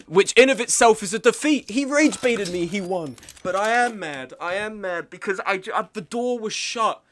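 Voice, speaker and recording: A fairly high-voiced man streaming a game over a desk mic, swinging between loud exasperated rants and quieter self-mocking asides. He talks to his chat casually, often laughing at his own anger. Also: expressive, unhurried, slight background noise.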